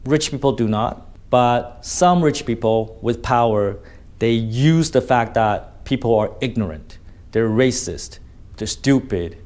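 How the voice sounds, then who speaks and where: Medium in pitch and a little mellow, this man speaks slightly slowly as he narrates a story for his vlog. His casual commentary is blunt and laced with swearing, and he often ends lines with "right?"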